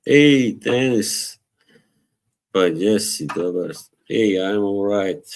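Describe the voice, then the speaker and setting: A tired man who has barely slept hosts a relaxed live stream, rambling with viewers, laughing a lot, and slipping in Bosnian phrases. His voice is fairly low and extremely slow, with slight background noise.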